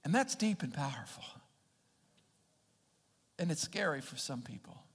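A man preaching a sermon as pastor, halting and repeating his words as he speaks straight to the congregation. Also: a little high, sing-song, breathy edge, in a large hall.

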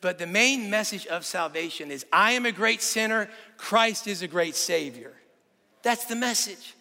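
A man preaches with bright, ringing energy, building his point through stories and rhetorical questions. His voice sits high for a man, and it carries a long reverb from a large hall. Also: normal speed. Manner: animated storytelling with rhetorical questions. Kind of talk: sermon.

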